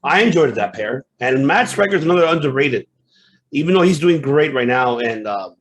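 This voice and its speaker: A man's voice: mid-range voice, expressive, moderate pace. A man co-hosting a casual wrestling podcast, easygoing and agreeable in his replies. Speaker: podcast co-host.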